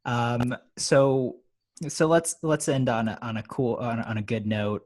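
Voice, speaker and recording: A man's voice: mid-range voice, darkish tone. Guy hosting a chill podcast, laughs a lot, stumbles and restarts. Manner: laughs often, halting restarts. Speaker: podcast host. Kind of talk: casual podcast interview.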